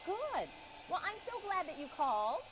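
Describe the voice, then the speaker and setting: A woman hosting a live shopping broadcast, chatting with callers in a bright, reassuring sales manner. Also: extremely high pitch, big pitch swings, moderate pace, noisy background. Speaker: shopping channel host.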